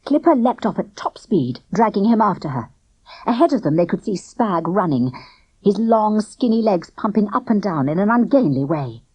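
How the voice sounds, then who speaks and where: Female audiobook narrator, children's story, bright animated delivery, dry studio read. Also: medium pitch, moderate pace, husky, no echo, poor audio. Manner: expressive, lively storytelling. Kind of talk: scripted children's book narration.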